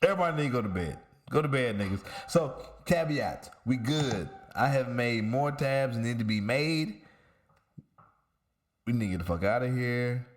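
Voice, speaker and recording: A man's voice: mid-range voice, animated, normal speed. A man hosting a podcast with his friends, talking loosely and profanely, rambling through a story with restarts. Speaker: podcast host. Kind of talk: casual chat.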